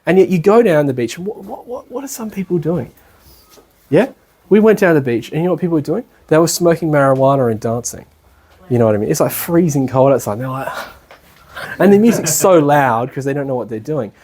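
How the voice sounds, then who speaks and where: A man's voice: on the high side, expressive, brisk, darkish tone, slightly rough. An Australian man giving a casual spoken lecture at a retreat, chatty and colloquial, often checking in with his listeners and acting out the people he describes. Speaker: spiritual lecturer. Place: lecture room at a retreat centre.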